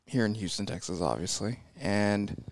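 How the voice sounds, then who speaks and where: A man's voice: lowish voice, moderate pace, no echo. A man, a podcast guest talking casually and easily. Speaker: podcast guest, gym co-owner. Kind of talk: casual chat.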